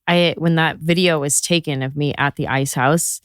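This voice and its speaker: A woman's voice: sits low, normal speed, no room sound. A woman from California in her thirties, a comedian telling stories in a casual interview and slipping into character voices. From California, USA. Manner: animated storyteller who slips into character voices. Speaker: guest comedian.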